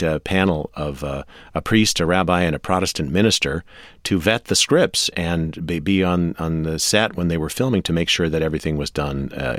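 A man as a radio interview guest, telling show-business history in a measured way with fillers. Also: extremely low pitch, a bit bright, dry recording, clean studio sound.

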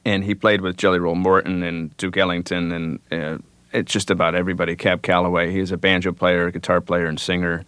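A man's voice: deep voice, little pitch movement, fairly bright tone, clean tone, no echo. A man, a musician guest on a radio interview, answering thoughtfully and without hurry, with many fillers. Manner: thoughtful, unhurried, with frequent fillers.

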